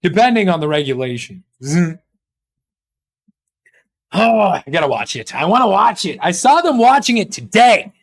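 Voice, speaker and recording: A man's voice: sits high, sing-song, moderate pace, pauses often. A man chatting casually on a live stream, rambling and joking with his chat, swearing often.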